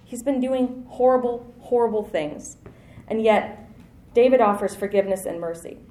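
A woman's voice: on the high side, normal speed, dark tone, reverberant. A woman in her thirties preaching a sermon in a conversational, self-deprecating way, with light laughs.

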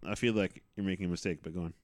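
Deep fast-talking man, dry mic. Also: steady tone, darkish tone, no room sound. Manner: rapid, stammering, joking. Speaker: podcast co-host. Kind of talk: casual banter.

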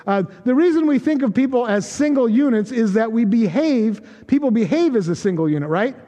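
A man's voice: extremely high pitch, lively intonation, a little fast, warm tone, highs cut off. A male pastor preaching a conversational, joking sermon and acting out quoted voices. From United States. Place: church sanctuary. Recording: long reverb of a church hall.

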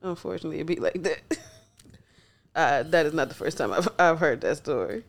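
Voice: medium pitch, lively intonation, a little fast, vocal fry. A co-host, recapping an episode in laid-back casual chat. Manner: laid-back, laughs often. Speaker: podcast co-host.

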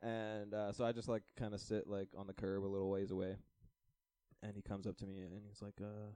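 Brisk and fairly low-pitched, his voice has a clean tone with no room sound. The young man, a Canadian podcast co-host, recounts a long holiday tale in casual conversation, acting out the dialogue with energy and laughing throughout.

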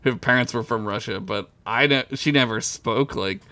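A man's voice: medium pitch, normal speed, bright, forceful tone, no room sound. A man co-hosting a casual podcast chat, joking and bantering playfully. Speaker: podcast co-host and player.

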